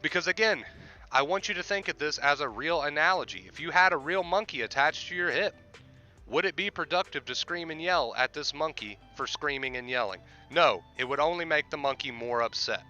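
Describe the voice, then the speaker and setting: A man's voice: medium pitch, pushed and bright, muffled recording. A man hosting a livestream, explaining with repetition and emphasis in casual talk. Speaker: livestream host and life coach.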